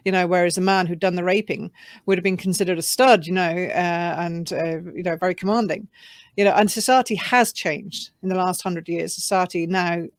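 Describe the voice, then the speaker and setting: A low-pitched woman speaks as a guest author in a casual video call interview. She is hesitant, often repeating words and filling with "you know", and her voice sounds close and dry with no room around it. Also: fairly even intonation, a little fast, no echo.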